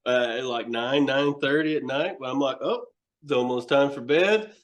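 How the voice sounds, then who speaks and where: A man's voice: medium pitch, moderate pace. Profane Tennessee man telling stories. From Knoxville, Tennessee. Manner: rambling, profane storytelling with laughs. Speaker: horror host and wrestler. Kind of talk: casual podcast chat.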